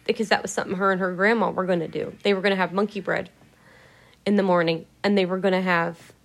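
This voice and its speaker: A woman's voice: on the low side, steady tone, fast talker, creaky. A woman vlogger telling a story in a candid, rambling way, swearing and laughing now and then. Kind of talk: casual emotional storytelling.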